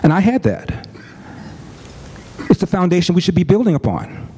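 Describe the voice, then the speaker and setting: A middle-aged man telling a family story as a commentator, earnest and deliberate, stressing points with repetition. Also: sits high, sing-song, dark tone, a little hiss or hum. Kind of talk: storytelling speech.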